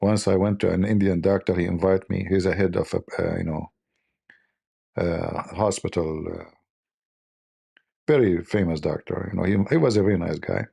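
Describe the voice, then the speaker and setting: A man's voice: sits low, steady tone, normal speed, vocal fry, pauses often, warm tone, breathy edge. A man from the Middle East with an Arabic accent, hosting a casual livestream chat and telling rambling, joking stories full of "you know". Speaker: livestream host.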